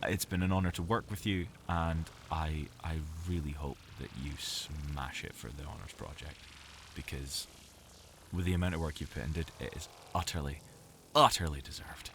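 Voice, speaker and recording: A man's voice: very deep voice, steady tone, normal speed, fairly bright tone, a little hiss or hum. A male voice actor talking in a playful, rambling monologue from his home audio booth, jokey and self-mocking. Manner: jokey and self-mocking, full of fillers and restarts.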